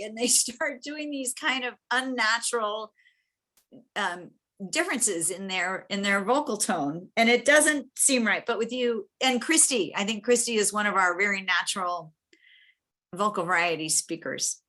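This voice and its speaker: A woman giving a chatty, encouraging evaluation of a speech over a video call, slipping into lively quoted asides. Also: medium pitch, normal speed. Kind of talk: spoken feedback on a speech.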